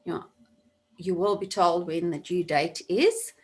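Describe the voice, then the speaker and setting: A woman's voice: fairly low pitch, steady tone, a little slow, a little mellow. A woman teaching an online class over a video call, explaining a task step by step and repeating key points for emphasis. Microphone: computer mic on video call.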